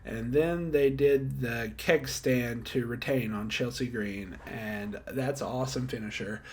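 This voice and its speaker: A man's voice: medium pitch, a little slow, a little mellow, a little hiss or hum. A young man casually recapping a wrestling episode and giving star ratings, chatty and self-deprecating, laughing at himself often. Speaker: wrestling show reviewer.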